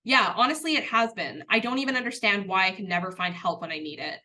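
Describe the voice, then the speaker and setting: A woman's voice: mid-range voice, lively intonation, fast talker, pushed and bright. A woman voicing a frustrated patient who could not get a same-day appointment, complaining in a role-play. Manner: exasperated, complaining.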